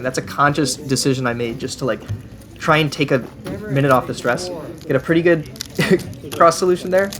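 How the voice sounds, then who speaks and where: A man's voice: mid-range voice, background noise. A young man giving casual voice-over commentary, chatty and self-deprecating, often laughing at himself. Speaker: vlogger.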